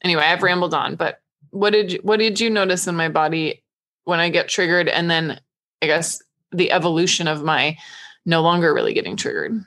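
A woman's voice: lowish voice, a little fast, a bit bright. A woman talking candidly and at length in a casual podcast conversation, laughing easily. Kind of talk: casual conversation about intimacy.

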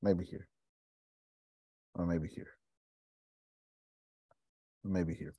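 A man hosting a live video show, talking casually with animated, preachy energy. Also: deep voice, extremely slow, husky, no echo. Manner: animated and preachy, with Southern Black American slang. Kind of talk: casual live-stream talk.

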